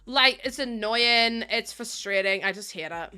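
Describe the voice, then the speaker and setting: A woman's voice: fairly high pitch, measured pace, bright, forceful tone, clear, resonant tone, faint music behind. A woman streaming live, chatting casually with her viewers, greeting them and laughing often.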